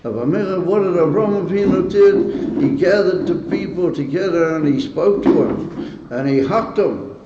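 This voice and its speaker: A man's voice: sits high, measured pace, very noisy. A man, a rabbi leading a Hasidic gathering, teaching in an earnest, emotional way, quizzing his listeners and chuckling between points. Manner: stirred and emotional about the topic. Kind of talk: informal teaching talk to a gathering. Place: synagogue hall. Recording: echoey hall, dull lo-fi sound.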